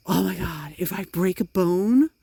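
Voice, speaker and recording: A woman's voice: on the low side, very animated, slow, gravelly, warm tone, slightly rough, no echo. A middle-aged woman vlogging outdoors while walking in the rain, talking into a phone in a frustrated, emphatic way. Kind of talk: walking vlog monologue.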